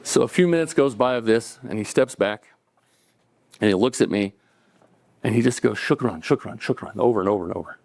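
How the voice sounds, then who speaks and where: A man's voice: lowish voice, brisk, vocal fry, pauses often, a little mellow, no room sound. Man telling a story live, conversational. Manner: conversational, acting out dialogue, chuckling between lines. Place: cafe event stage.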